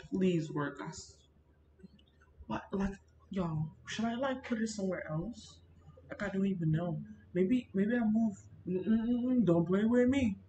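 A woman chatting casually to her viewers while she sets up a video, rambling and animated, recorded at home on a built-in computer mic. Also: on the low side, reverberant, lo-fi sound, slight background noise. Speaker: gaming YouTuber. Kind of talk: casual chatty vlog narration. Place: home room near a busy street.

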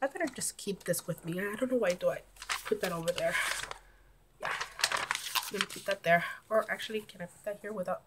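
A woman's voice: mid-range voice, brisk, pauses often, noisy background. A woman with a cold, nasal and a little short of breath, chatting casually to her channel's viewers. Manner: chatty, rambling, self-correcting. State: sick and nasal. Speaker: YouTube vlogger. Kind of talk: casual vlog intro to camera.

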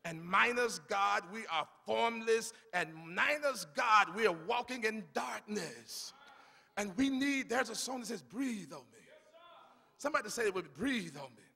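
Fervent high-voiced preacher in echoing church. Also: male voice, normal speed, creaky, bright, forceful tone. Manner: fervent preaching, calls for congregation responses. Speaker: pastor. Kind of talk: sermon. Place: church sanctuary. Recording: long reverb of a church sanctuary.

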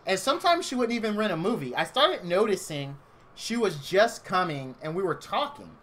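Bright-voiced male streamer telling a story. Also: high voice, very animated, moderate pace, slight background noise. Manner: rambling and chatty, heavy on "like". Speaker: game streamer. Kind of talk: casual storytelling on a live stream.

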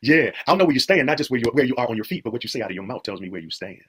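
Very husky fast-talking male preacher. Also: medium pitch, sing-song, fairly bright tone. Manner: emphatic, repeats phrases, rhetorical questions to the congregation. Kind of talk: sermon.

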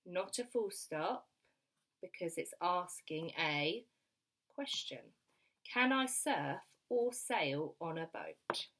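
Brief: young woman teacher, lower voice, very slow, carefully sounds out letters for small children. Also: fairly bright tone. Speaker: primary school teacher. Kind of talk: phonics lesson for young children.

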